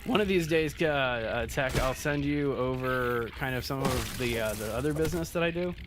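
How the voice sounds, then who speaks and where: A young adult streamer from Southern California chats casually with live viewers while playing a game, rambling with lots of fillers and restarts. His mid-range voice moves at a moderate pace over a noisy background.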